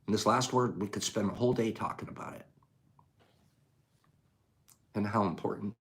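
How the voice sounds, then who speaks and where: An older man hosting a casual talk on a quote, moving between quiet musing and loud rhetorical outbursts in a folksy way. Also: lowish voice, quick pace. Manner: folksy, says gosh darn and dude. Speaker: host.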